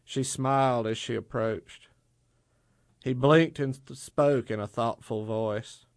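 A man narrating an audiobook story in a measured, deliberate way. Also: mid-range voice, fairly even intonation, no echo, clean studio sound.

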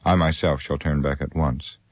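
A man voicing an anxious, hurried old male wizard in a storybook reading. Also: very deep voice, steady tone, breathy edge, no echo. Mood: urgent.

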